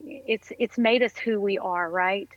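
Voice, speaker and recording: A woman's voice: mid-range voice, unhurried, lo-fi sound. A woman talking as a podcast guest, upbeat and effusive, full of faith-filled encouragement. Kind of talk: casual interview chat.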